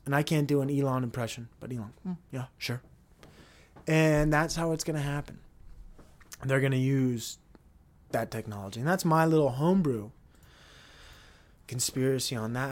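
A man's voice: mid-range voice, normal speed, a little mellow. A man hosting a solo podcast, rambling and joking with frequent profanity as he talks to himself. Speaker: podcast host.

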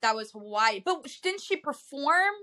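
High, bright-voiced woman co-host. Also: big pitch swings. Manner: eager listener, quick reactive interjections. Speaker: podcast co-host. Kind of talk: casual chat.

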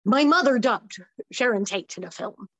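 Older woman guest, lively anecdotal talker with quick asides, dry close sound. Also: a little high, no room sound. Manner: animated, quick asides and acted-out quotes. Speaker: interview guest. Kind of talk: casual storytelling.

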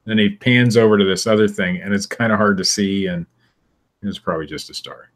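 A man with a lowish, brisk voice co-hosts a casual podcast, reading strange news stories aloud wryly and laughing now and then.

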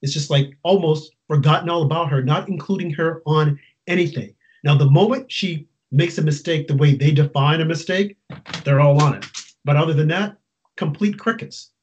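A man's voice: a little high, moderate pace, darkish tone. A man hosting a casual interview, talking emphatically and putting exasperated questions to his guest. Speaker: interview host. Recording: dull lo-fi sound.

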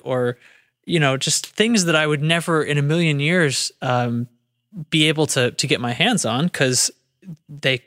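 A man's voice: fairly high pitch, moderate pace, a bit bright. A man co-hosting a casual podcast, talking in rambling runs with lots of restarts. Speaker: podcast co-host. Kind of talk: casual chat.

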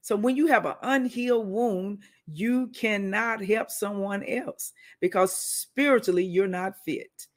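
A woman's voice: mid-range voice, measured pace, hardly any pauses. A woman minister giving a preaching-style teaching talk, conversational, telling personal stories and calling out to her listeners. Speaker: minister teaching a weekly wisdom segment.

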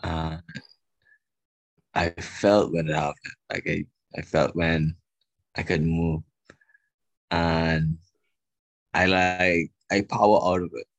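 A man co-hosting a casual podcast chat, talking in a relaxed, rambling way full of fillers. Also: low-pitched, takes it slowly, creaky, long pauses, no room sound. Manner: relaxed, filler-heavy talk with laughs. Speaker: podcast co-host.

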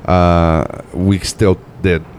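Laid-back low-voiced comedian telling stories. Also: male voice, very slow, slight background noise. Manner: animated, laughs at his own stories, says bro and dude. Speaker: comedian guest. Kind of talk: casual storytelling.

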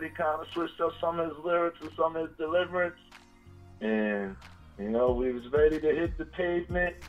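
A man's voice: fairly high pitch, a little mellow, dull audio. A man, a DJ and producer from Long Island, telling stories in a casual, slangy interview and acting out the lines of the people in them. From Long Island, New York. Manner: slangy, laid-back storytelling, acting out others' lines.

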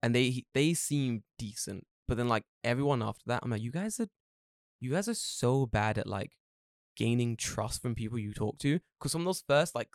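A man co-hosting a casual podcast, telling animated stories, swearing freely and acting out other people's voices. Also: mid-range voice, normal speed, dry recording, clean studio sound. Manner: animated storytelling, swears a lot, mimics people. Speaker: podcast co-host.

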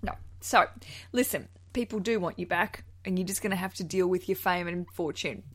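A woman's voice: on the low side, moderate pace, fairly bright tone. A woman in her thirties hosts a podcast from home. She chats playfully and laughs often. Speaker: podcast host. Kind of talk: casual chat.

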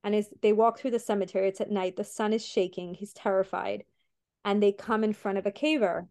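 A woman's voice: mid-range voice, fairly even intonation, brisk, a little mellow. A young woman hosting a podcast, retelling a story in a rambling way with many fillers and restarts. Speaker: podcast host.

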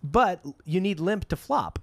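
Lively man reading aloud with dry jokes. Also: high-pitched, unhurried, vocal fry, dry recording. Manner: reads passages aloud, dry jokes, frequent chuckles. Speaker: podcast host. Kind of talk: casual comedic book reading and discussion.

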